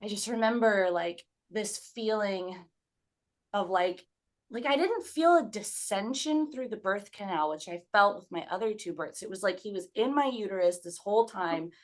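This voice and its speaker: A woman's voice: medium pitch, expressive, moderate pace. A woman telling a personal story as a podcast guest, casual and candid, swearing freely and acting out her own past remarks.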